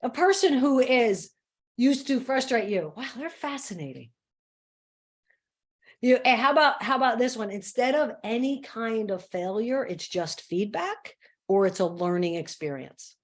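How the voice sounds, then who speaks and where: Upbeat woman motivational speaker. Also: normal speed. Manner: energetic, playful, acts out her own self-talk; lowers her voice for a mantra. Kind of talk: live online talk on stress.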